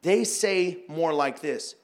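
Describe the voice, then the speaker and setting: Guy preaching slow, kinda higher voice, animated, acts out the prayers. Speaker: pastor. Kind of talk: sermon teaching.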